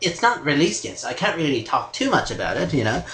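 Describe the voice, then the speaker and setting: A man's voice: a little high, sing-song, quick pace, fairly bright tone. A man hosting a comedic podcast, hesitant and full of restarts as he tries to keep the talk on track. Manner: hesitant, full of ums and restarts, growing exasperated. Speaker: podcast host steering the talk. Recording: roomy echoey room.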